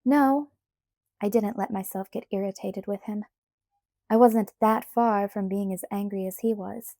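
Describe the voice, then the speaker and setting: A woman reading a novel aloud in the first person, with measured, even storytelling on a close mic. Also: mid-range voice, dry recording. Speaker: audiobook reader.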